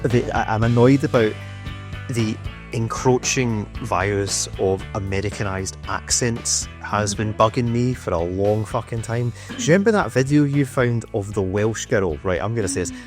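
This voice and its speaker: A man's voice: lowish voice, moderate pace, music in the background. A man in his thirties hosting a podcast, ranting in casual, sweary, opinionated chat. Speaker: podcast host.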